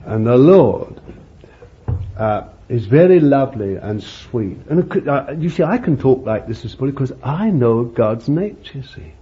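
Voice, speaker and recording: Male preacher with a folksy, conversational sermon delivery and an animated pitch, on a muffled lo-fi recording. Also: unhurried. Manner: folksy, conversational preaching with many "you see" asides. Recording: muffled lo-fi recording with faint hiss.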